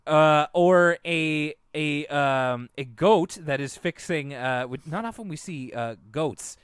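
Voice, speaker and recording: A man's voice: fairly high pitch, takes it slowly, smooth, dry recording. A man co-hosting a podcast in casual chat, loose and chatty with many fillers and restarts. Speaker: podcast co-host.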